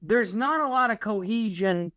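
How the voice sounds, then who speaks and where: Wry, sardonic podcast host. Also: male voice, high-pitched, expressive, moderate pace, pushed and bright, no room sound, dull audio. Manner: wry, sardonic, acts out quotes of others. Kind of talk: casual political chat.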